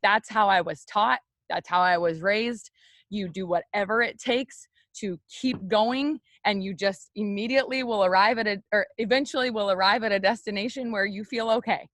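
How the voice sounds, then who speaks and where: A young woman leading a team, giving a loud, energetic, chatty motivational talk straight to her viewers on a live stream. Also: mid-range voice, normal speed, no echo, studio quality. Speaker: network marketing team leader on a live stream.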